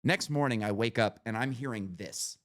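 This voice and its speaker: A man hosting a podcast, telling a long profane story in casual chat with lots of animated rises. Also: medium pitch, moderate pace. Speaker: podcast host.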